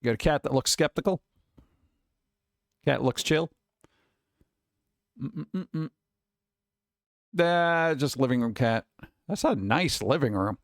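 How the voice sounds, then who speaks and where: A man hosting a live stream, talking casually and chattily with relaxed asides. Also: mid-range voice, normal speed, long pauses, no echo, studio quality. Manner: laid-back, chatty, trailing off into asides. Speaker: streamer host.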